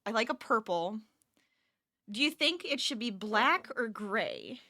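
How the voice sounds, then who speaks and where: Bright-voiced woman chatting on a crochet stream. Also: fairly high pitch, animated, a little slow, no echo, clean studio sound. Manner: chatty, laughs often, reads chat aloud. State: tired. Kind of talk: casual live-stream chat. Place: home office.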